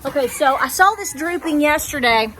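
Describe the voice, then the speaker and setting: High-voiced homestead woman. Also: expressive, normal speed, fairly bright tone. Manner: chatty, cheerful, talks to her animals. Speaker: homestead vlogger host. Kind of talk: casual vlog chat. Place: in a barn. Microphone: camera held by a helper.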